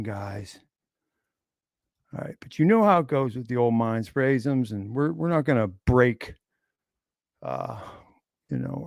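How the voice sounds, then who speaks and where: A man's voice: on the high side, no echo, studio quality. A man hosting his own livestream, talking in a rambling, mock-grandiose way with casual profanity. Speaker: livestream host.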